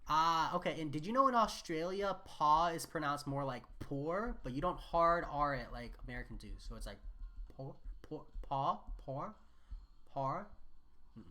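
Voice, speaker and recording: A young woman with a notably low voice, chatting casually while she streams a game. She laughs easily and reads viewers' comments out loud. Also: expressive, fairly quick, hardly any pauses. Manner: chatty, laughs often, reads chat aloud. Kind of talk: casual live-stream chat.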